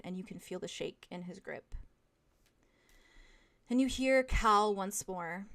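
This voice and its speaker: A young woman runs a tabletop game as game master and tells the scene to her players in the second person. Her delivery is hushed and dramatic, and her voice sits low with a gravelly fry.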